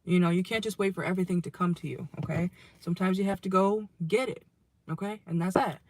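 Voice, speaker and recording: Hoarse, chatty tarot reader in a car. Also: mid-range voice, quick pace, slight background noise. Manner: chatty, ends phrases with a questioning "okay?". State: losing voice, hoarse. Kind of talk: casual tarot reading to viewers. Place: inside a car.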